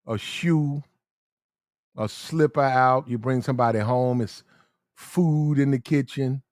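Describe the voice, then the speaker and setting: Speaking with a darkish tone in a mid-range voice, a man offers frank, slangy dating advice in a relaxed way, drawing out his words as he runs through details. The studio sound is clean, with no echo.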